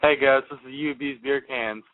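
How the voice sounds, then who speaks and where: A man's voice: medium pitch, fairly even intonation, brisk. A man calling into a talk radio show, speaking casually and loosely, with lots of filler words. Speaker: caller. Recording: dry phone line.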